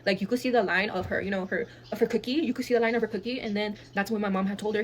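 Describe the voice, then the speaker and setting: Fast-talking woman telling a wild story. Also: medium pitch. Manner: profane, blunt, switches into Spanish phrases. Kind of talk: storytime monologue.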